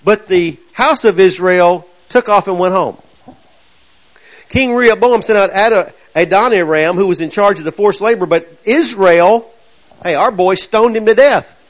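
Animated preacher, high voice. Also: male voice, measured pace. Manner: folksy, animated, acts out voices and shouts. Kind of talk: sermon. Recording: dull lo-fi sound.

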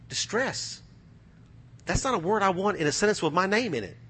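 A middle-aged man from the United States preaching a sermon, fervent, going from loud bursts to hushed asides. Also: high voice, big pitch swings, normal speed, pauses often, husky.

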